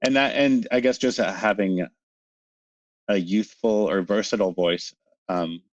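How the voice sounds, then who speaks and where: A man from Canada, a narrator guest in an interview, talking in an animated, excitable way and laughing often. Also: on the low side, a little slow, no echo, dull audio. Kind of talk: casual interview chat.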